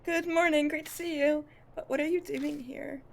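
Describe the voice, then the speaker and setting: Brief: earnest young male lead with amnesia, read by a woman streamer in her own voice, a bit high, gravelly. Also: steady tone, moderate pace. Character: young male investigator with no memories.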